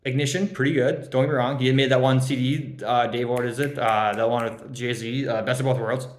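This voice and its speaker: A man's voice: mid-range voice, steady tone, a little fast. Joking young man in an echoey room. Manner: teasing, rambling, laughs at own jokes, many ums. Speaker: fantasy league commissioner giving draft grades. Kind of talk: joking casual roast.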